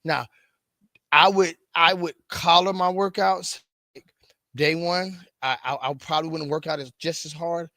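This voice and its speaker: A man's voice: fairly high pitch, fairly even intonation, measured pace, pushed and bright, no room sound, studio quality. A middle-aged man coaching fitness, talking casually to the camera, often repeating words and restarting lines. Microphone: camera mic.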